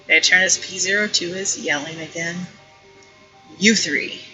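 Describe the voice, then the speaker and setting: A woman reading an interactive story game aloud and dropping wry, playful asides as she goes. Her voice is very bright and clear. Soft music plays faintly in the background. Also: fairly low pitch, fairly even intonation, brisk, poor audio. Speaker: streamer playing an interactive story.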